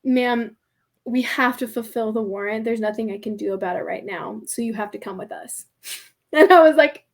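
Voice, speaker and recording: Bubbly high-voiced woman telling a story. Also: normal speed. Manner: animated, laughs often, acts out voices in quotes; chatty, heavy use of "like" and "I'm like". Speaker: podcast guest. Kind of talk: storytelling in casual conversation.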